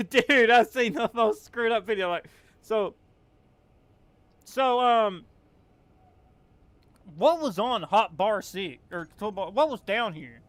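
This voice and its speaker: A young man with a Southern accent talks casually over a game stream, his voice sitting fairly high for a man and coming through smooth and clear. He rambles and drawls, full of fillers and restarts. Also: animated, takes it slowly, long pauses, fairly bright tone, no echo. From Appalachian Kentucky, US. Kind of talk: casual gameplay chat.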